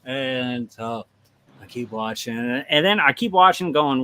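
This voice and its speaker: A man in his thirties hosting a livestream, telling stories in casual chat with lots of swearing and animated energy. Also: medium pitch, measured pace, clean tone. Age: 30s. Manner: profane, animated storytelling. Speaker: livestream host.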